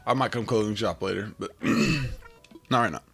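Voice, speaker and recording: A man with a lowish, gravelly voice, still rough from waking up, talks his way through a game. He rambles and thinks out loud in a relaxed way. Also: brisk, faint music behind. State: rough morning voice. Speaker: game streamer. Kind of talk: casual gameplay commentary.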